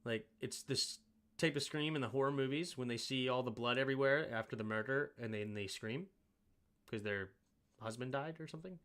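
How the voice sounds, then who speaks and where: A man's voice: mid-range voice, fairly quick, fairly bright tone. A man hosting a sports show, casually breaking down game film and thinking aloud with self-mocking asides.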